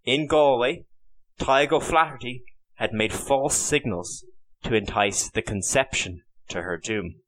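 A man reading a historical novel aloud as an audiobook narrator, in a measured storytelling manner. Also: mid-range voice, fairly bright tone. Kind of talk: scripted narration.

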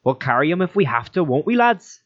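A man voicing an excitable, loyal young rebel who speaks in urgent exclamations, recorded with a dull, lo-fi sound. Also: on the high side, a little fast, no echo, voice pushed up. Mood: insistent.

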